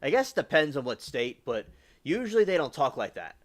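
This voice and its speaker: A man's voice: a little high, very animated, brisk. A man from the US South hosting a livestream, rambling casually with lots of fillers and restarts. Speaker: livestream host.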